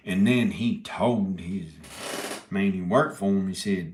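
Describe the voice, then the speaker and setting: A man's voice: low-pitched, slow pace. A man telling a rambling comic story, stopping and restarting his words and giggling often. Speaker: video maker telling a story. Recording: echoey room.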